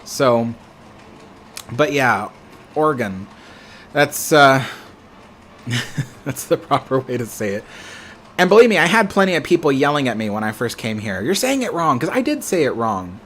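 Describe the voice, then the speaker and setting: A man's voice: medium pitch, big pitch swings, moderate pace, pauses often, fairly bright tone, a little hiss or hum. Rambling American man, casual livestream chat. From United States. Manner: rambling, self-correcting. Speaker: livestream host. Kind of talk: casual chat reading viewer comments.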